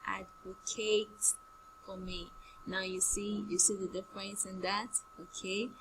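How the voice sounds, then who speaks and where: A woman teaching an online primary English class, repeating each word slowly and giving example sentences. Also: mid-range voice, little pitch movement, noisy background. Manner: slow, drilling words by repetition with example sentences.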